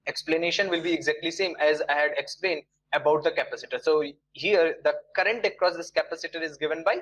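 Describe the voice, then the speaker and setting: A man's voice: a little high, quick pace, a bit bright, slight background noise, poor audio. A man, lecturing an online engineering class. He explains step by step, repeats his phrases and quizzes students, with frequent fillers and restarts. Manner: many fillers and restarts, non-native phrasing.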